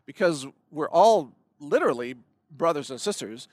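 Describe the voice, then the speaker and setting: A man ranting through a commentary monologue, his voice sitting a bit high. He swings hard between loud punches and low asides, stumbling and repeating words as he pushes on. The sound is dry and close. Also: sing-song, moderate pace, dry recording. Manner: impassioned, ranting, with sharp emphatic swings. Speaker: commentary show host.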